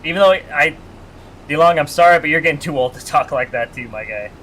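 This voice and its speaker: A man's voice: a little high, fairly quick, fairly bright tone, slight background noise. A man chatting casually with his live-stream audience while playing a farming game, joking and reading the chat aloud.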